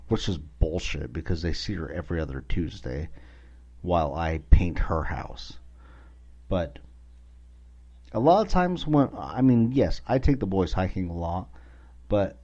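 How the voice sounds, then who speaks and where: A man's voice: sits low, mellow, muffled recording. A man hosting a podcast, ranting in a blunt, profane, exasperated way in a casual monologue. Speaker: podcast host.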